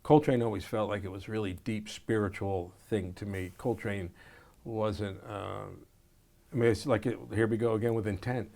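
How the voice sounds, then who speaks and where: Speaking at a normal speed in a lowish voice, a man who plays jazz saxophone and teaches shares stories in an oral history interview. He's animated, acting out moments and scatting melodies.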